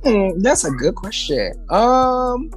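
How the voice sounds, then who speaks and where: A man's voice: sits high, very animated, takes it slowly, soft background music. A man from St. Louis, Missouri, a drag performer chatting as a guest from a busy home, easygoing and laughing often. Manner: easygoing, laughs often, many fillers and restarts. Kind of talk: casual interview chat.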